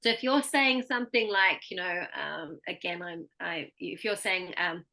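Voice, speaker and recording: A woman's voice: mid-range voice, moderate pace, bright, forceful tone. An Australian woman giving a one-on-one pronunciation lesson, patiently explaining and modeling words for her student to repeat. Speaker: pronunciation coach.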